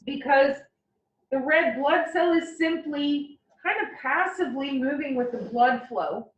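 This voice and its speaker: A woman anatomy instructor giving a classroom lecture, explaining with playful, animated analogies. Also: sits high, unhurried. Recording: roomy, distant, dull lecture recording.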